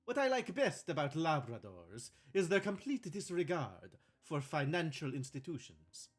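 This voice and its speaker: A man's voice: on the high side, very animated, unhurried, husky, heavily acted. A man voicing an eccentric, cryptic hotel host in a put-on Italian accent, with theatrical, florid delivery. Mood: grandiose. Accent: fake Italian.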